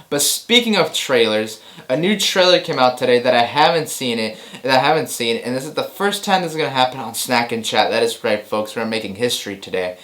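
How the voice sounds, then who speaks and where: Male host, casual movie chat, excitable and rambling, mid-pitched voice. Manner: excitable, rambling, repeats himself, laughs often. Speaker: host of a movie news show.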